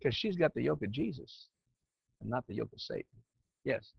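An older counselor and teacher of church leaders gives an informal group lesson, his folksy conversation edging into preaching. His mid-range voice is creaky with a breathy edge, lively in intonation and moderate in pace. The recording is dry, muffled, lo-fi, and echo-free.

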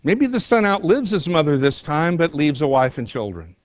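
A man's voice: on the high side, sing-song, moderate pace, no room sound. A man preaching an earnest sermon, retelling a scripture story with rising emphasis. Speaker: pastor.

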